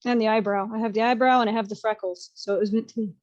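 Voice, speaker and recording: A woman's voice: on the high side, fairly even intonation, racing, highs cut off, crowd noise. A woman with a Southern American accent, hosting a podcast in casual, opinionated chat and laughing often. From Southern United States. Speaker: podcast host.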